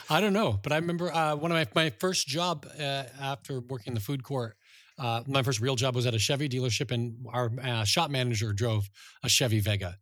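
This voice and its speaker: A middle-aged man co-hosting a podcast, telling stories in a chatty, animated way. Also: medium pitch, normal speed, no echo, clean studio sound. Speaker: podcast co-host. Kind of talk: casual chat, storytelling.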